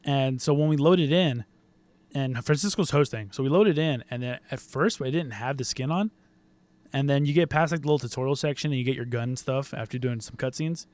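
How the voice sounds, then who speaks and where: A man co-hosting a casual gaming podcast, joking and laughing often in quick banter. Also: mid-range voice, darkish tone, dry recording. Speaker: podcast co-host.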